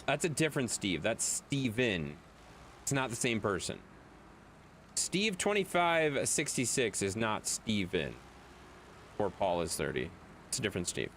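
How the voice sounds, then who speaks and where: A man's voice: fairly low pitch, big pitch swings, measured pace, long pauses, fairly bright tone, a little hiss or hum. A man streaming a video game, chatting casually with viewers, reading their chat aloud and laughing often.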